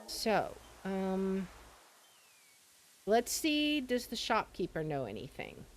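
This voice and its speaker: A woman streamer chatting casually as she plays, thinking aloud in an unhurried way. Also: medium pitch, wildly swooping pitch, faint music behind. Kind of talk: casual gameplay commentary.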